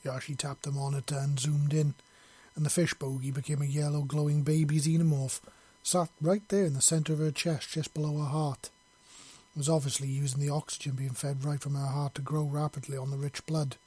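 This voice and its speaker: A man narrating a story in a steady, plain reading voice. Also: fairly high pitch, brisk, husky.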